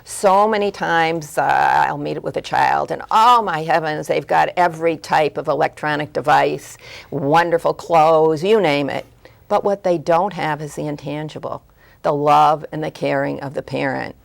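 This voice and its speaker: A woman's voice: deep voice, steady tone, moderate pace, gravelly. A middle-aged woman, a former school guidance counselor, earnestly giving parenting advice as a talk show guest and acting out parents and children.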